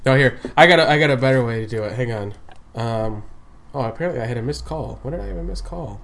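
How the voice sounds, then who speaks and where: A man's voice: mid-range voice, lively intonation, fast, fairly bright tone. A man chatting casually with a friend, rambling from point to point. He laughs often and restarts his sentences as he goes. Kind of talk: casual fan chat.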